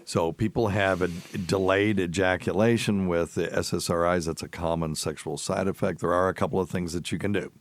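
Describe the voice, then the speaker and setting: Deep-voiced radio doctor host. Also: male voice, steady tone, a little fast, hardly any pauses, dry recording. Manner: thinks aloud, corrects himself. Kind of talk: casual radio Q&A.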